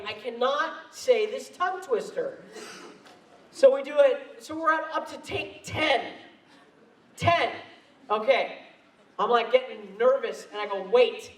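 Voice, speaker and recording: On a convention stage, a man tells laughing, self-deprecating stories into a handheld mic. His voice is very high and a little bright, captured from far away in an echoing hall.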